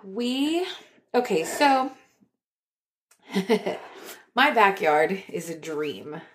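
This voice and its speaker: A woman's voice: mid-range voice, very animated, drawn-out words, a little hiss or hum. A woman co-hosting a podcast, talking in a chatty, rambling way with lots of fillers. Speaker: podcast co-host. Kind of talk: casual chat.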